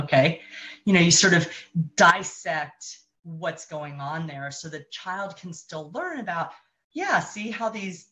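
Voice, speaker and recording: A woman's voice: sits low, a bit bright. A woman speaking as a parenting coach in a live-streamed advice talk, conversational and thinking aloud with frequent restarts.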